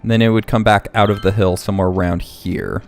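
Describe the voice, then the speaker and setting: A man's voice: lowish voice, fairly even intonation, vocal fry, soft background music. A young man hosting a casual city-building gameplay video, thinking aloud as he works. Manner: slow, thinking aloud, hiccuping. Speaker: let's play host.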